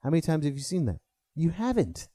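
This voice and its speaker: Animated, swearing male comedian host. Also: fairly high pitch, fast talker, no room sound, studio quality. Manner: animated, swearing, rises sharply when riled. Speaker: podcast host and stand-up comedian. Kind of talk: casual storytelling monologue.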